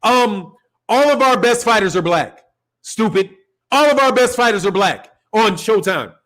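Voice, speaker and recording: High-voiced Chicago man ranting casually. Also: lively intonation, a little slow, fairly bright tone. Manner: loose, profane, laughs often, rambling. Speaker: boxing channel host. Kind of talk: casual live-stream rant.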